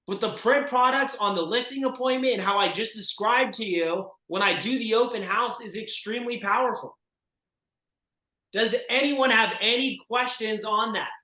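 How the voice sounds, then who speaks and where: A man coaching real estate agents in a group session, forceful and emphatic as he urges them on. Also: high voice, normal speed, reverberant, rough recording. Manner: forceful and emphatic, urging listeners on.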